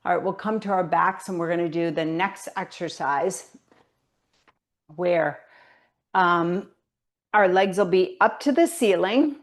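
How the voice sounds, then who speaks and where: A woman teaches a pilates class, working through the exercises herself as she gives cues and counts reps, slightly out of breath. She speaks on the low side, unhurried, leaving long pauses.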